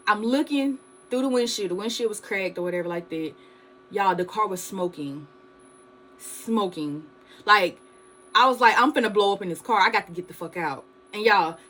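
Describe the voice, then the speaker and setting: A woman's voice: medium pitch, a bit bright, poor audio. A young woman vlogger, animatedly telling a story to her viewers and calling them "y'all". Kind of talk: storytime vlog.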